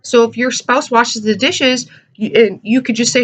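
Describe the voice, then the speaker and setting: A woman's voice: fairly high pitch, fairly even intonation, normal speed, few pauses. A woman giving a casual tarot reading to camera, chatty, with many "uh"s, and checking in with "okay?" and "all right?". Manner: searches for words with frequent "uh" and "um". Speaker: tarot reader.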